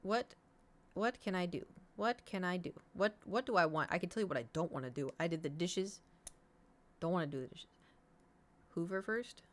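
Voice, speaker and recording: A young adult woman chats casually on a home stream, her voice sitting a little low. She rambles from one thought to the next and swears freely as she tells her stories. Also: moderate pace, long pauses. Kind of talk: casual chat. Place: home room.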